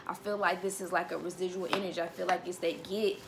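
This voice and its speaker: A woman's voice: on the low side, little pitch movement, fast, vocal fry, hardly any pauses, fairly bright tone, slight background noise. A woman giving a casual tarot reading, emphatic and sassy, repeating key phrases and calling the listener honey. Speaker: tarot reader.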